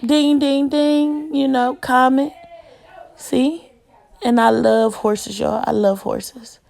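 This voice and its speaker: Chatty woman with gravelly voice. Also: fairly high pitch, steady tone, slow, a little mellow. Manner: chatty, rambling, keeps addressing viewers as y'all. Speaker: home decor vlogger. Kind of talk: casual home tour chat.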